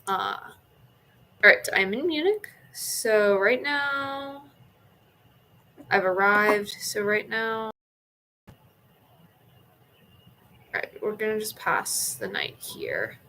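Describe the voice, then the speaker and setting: A woman's voice: mid-range voice, expressive, pushed and bright, poor audio. A woman commentating her playthrough of a story game and reading its text aloud, often stumbling and correcting herself. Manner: halting, self-correcting as she reads. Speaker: gaming vlogger.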